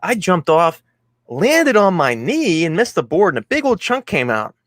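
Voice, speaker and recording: A man in casual podcast chat, telling profane, animated stories as a guest co-host. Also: high voice, normal speed, no room sound.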